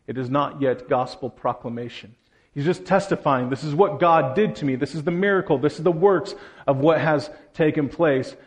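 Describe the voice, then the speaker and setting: Male pastor, higher-pitched, expressive sermon delivery that dramatizes quoted lines.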